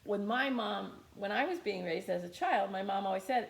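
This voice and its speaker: A woman's voice: medium pitch, normal speed, creaky, slight background noise. Woman meditation teacher, casual and repetitive, echoey room. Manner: casual, chatty, repeats phrases. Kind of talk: guided meditation talk.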